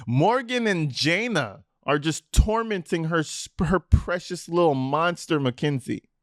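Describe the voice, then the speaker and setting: A man's voice: fairly high pitch, no room sound, clean studio sound. A man giving profane reaction commentary on police footage in a mocking, sarcastic way. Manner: mocking, sarcastic, swears a lot.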